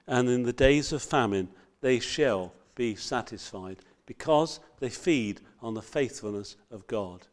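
A man preaching a sermon, earnest and reading scripture with loud emphasis. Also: medium pitch, animated, unhurried, hardly any pauses.

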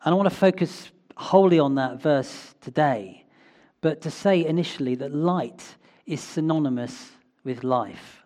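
A man preaching a sermon in a church, reflective and often pausing with small fillers. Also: on the high side, a little mellow.

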